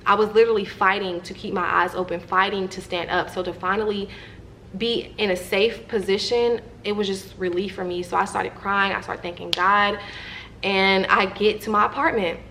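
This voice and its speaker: A young woman speaks straight to her viewers, telling a story from her own life in a lively, chatty way. Her voice sits at an ordinary middle pitch for a woman. A faint hiss runs behind her. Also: moderate pace. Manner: animated, chatty storytelling that addresses viewers directly. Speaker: vlogger.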